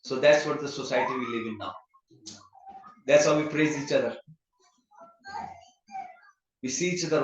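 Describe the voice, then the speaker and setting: A man's voice: mid-range voice, moderate pace, pauses often, a little hiss or hum. A man giving a conversational scripture class, telling stories and mixing Sanskrit terms into plain talk. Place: temple hall. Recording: echoey hall, muffled sound.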